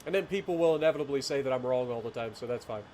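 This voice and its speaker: A man's voice: medium pitch, very fast, dark tone, slight background noise. A man in his late thirties with a rural southeastern Ohio accent, chatting casually and telling rambling stories on a gameplay livestream, with frequent chuckles. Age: late 30s. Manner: rambling storyteller, chuckles often, greets chat.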